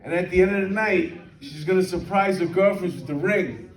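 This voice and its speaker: A man in his fifties performs a brash, streetwise stand-up set before a live audience at a comedy venue, scattering "man" through his lines and shouting impressions. His voice is high-pitched and fairly quick. The echoey recording has the mic heard from a distance, with the crowd laughing.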